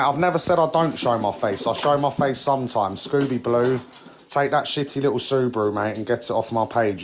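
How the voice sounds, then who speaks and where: A man's voice: on the high side, a little hiss or hum. A young man venting angrily on a live stream, swearing and leaning on "mate" and "like". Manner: heated, swearing, repeats "mate" and "like". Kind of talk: angry rant on a live stream.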